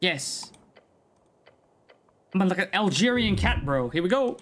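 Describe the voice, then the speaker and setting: A man streaming a game live, reading its text aloud and reacting in a casual, excitable way. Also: high voice, slow pace. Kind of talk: live gameplay commentary.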